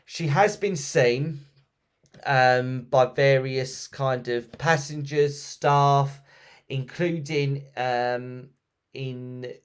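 A man's voice: medium pitch, drawn-out words, clean tone. Man, podcast host, casual storytelling, mid-range voice, lots of ums. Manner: chatty, lively retelling with many ums and restarts.

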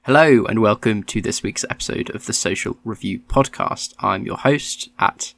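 A man's voice: on the low side, normal speed, gravelly, fairly bright tone, slight background noise. A man hosting a political podcast, chatty and lightly ironic. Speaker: podcast host. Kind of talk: casual political chat.

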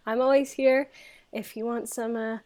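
A woman's voice: a little high, steady tone, moderate pace, darkish tone. A woman with an American accent, a podcast guest, chatting playfully and giggling. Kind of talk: casual podcast chat.

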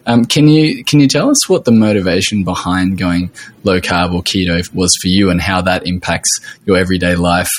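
Brief male podcast host, lowish voice, stammers and restarts, encouraging. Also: moderate pace, a little hiss or hum. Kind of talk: casual interview talk.

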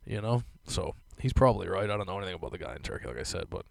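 Low-voiced rambling, profane podcast guy. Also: big pitch swings, racing, vocal fry, no echo. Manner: profane, rambling, filler-heavy. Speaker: podcast host. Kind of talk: casual rant.

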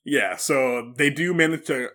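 Male co-host, enthusiastic fan chat, bright forward tone. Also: medium pitch, measured pace. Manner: enthusiastic, fan-trivia, chatty. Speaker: podcast co-host. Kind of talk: casual chat recapping an anime.

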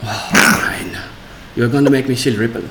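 A man's voice: medium pitch, fairly even intonation, moderate pace, reverberant, heavy background noise. A young man chatting casually as a guest, joking and self-deprecating. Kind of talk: casual chat.

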